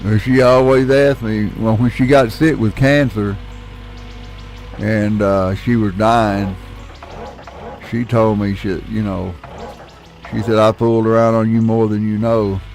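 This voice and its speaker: A man's voice: lowish voice, flat delivery, measured pace, pauses often, darkish tone, faint music behind. A middle-aged man, telling a rambling, folksy story with casual swearing while he plays a game. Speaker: gaming channel host.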